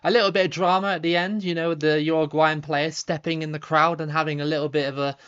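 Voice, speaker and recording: A man in his thirties with a Somerset accent, chatting casually on a live stream while reading viewer comments, relaxed, with lots of ums and restarts. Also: fairly high pitch, fast talker, clear, resonant tone, muffled recording. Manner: relaxed, chatty, frequent ums and repeated starts, laughs easily.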